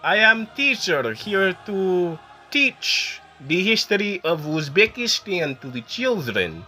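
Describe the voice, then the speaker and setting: A man voicing a polite, nervous male teacher newly arrived abroad, speaking in slow, broken, hesitant phrases. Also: high-pitched, sing-song, pushed and bright, voice pushed up, exaggerated voice. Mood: earnest.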